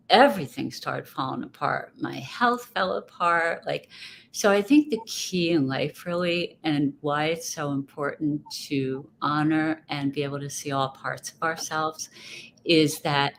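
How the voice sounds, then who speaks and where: Woman, low voice, rambling reflective talk, interview guest, faint hiss behind. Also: measured pace, vocal fry, a bit bright. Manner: rambling, reflective, restarts thoughts. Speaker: guest speaker. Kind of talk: casual interview chat. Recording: faint background noise.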